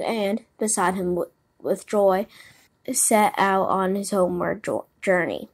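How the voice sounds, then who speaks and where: A woman narrates a classic children's story aloud. Her delivery is an expressive storybook reading, at a medium pitch. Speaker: audiobook narrator.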